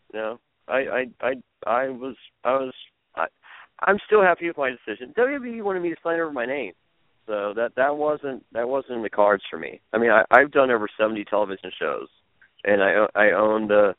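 A man's voice: fairly low pitch, dry recording. A man telling stories as a podcast guest, rambling with many restarts and fillers. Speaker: podcast guest, former reality show contestant. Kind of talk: casual interview storytelling. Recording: phone-like lo-fi audio.

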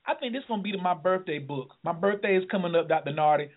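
A man hosting a call-in radio show, excitable and preachy, often laughing and shouting. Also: high voice, fast. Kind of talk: lively call-in radio talk. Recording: tinny phone line.

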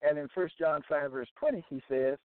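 A man's voice: fairly high pitch, normal speed, no room sound. Emphatic preacher man on a tinny line. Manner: emphatic, repetitive, frequent "okay?" check-ins. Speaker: religious broadcast host. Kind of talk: preaching Bible commentary. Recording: tinny phone-line sound, dry.

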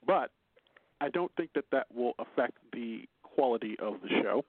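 A man's voice: medium pitch, animated, slow pace, husky, no echo. Chatty Chicago man on a phone line. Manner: rambling, laughs often, fillers and restarts. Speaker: radio show host. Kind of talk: casual talk radio banter. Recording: phone-line internet radio.

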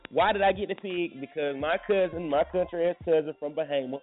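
A man's voice: a little high, brisk. A man hosting a casual morning radio chat, rambling and joking as he talks. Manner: rambling and joking, many restarts. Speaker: morning show host. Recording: tinny phone-like audio with faint music.

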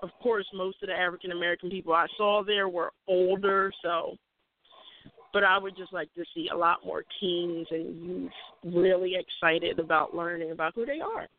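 A woman's voice: lowish voice, moderate pace. A woman, an educator and co-host, talking in a reflective way with many fillers. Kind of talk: casual chat. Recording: tinny phone-line sound.

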